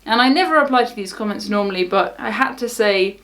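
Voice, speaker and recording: A woman's voice: on the high side, fairly quick, fairly bright tone. A young woman from the south of England with a southern English accent, chatting casually to camera as a cruise vlogger in a wry, unbothered way. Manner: wry, unbothered, laughs things off.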